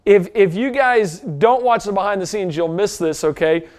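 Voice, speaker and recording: A man from the United States hosting an upbeat promotional interview, jokey and energetic. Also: high voice, moderate pace. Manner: jokey, energetic, plugs products. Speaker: interview host.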